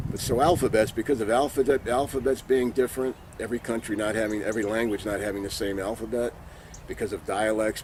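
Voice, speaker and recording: A man's voice: fairly low pitch, darkish tone, a little hiss or hum. A man giving an informal religious teaching, earnest and repeating his key points for emphasis. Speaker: Bible teacher. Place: sitting somewhere in Israel.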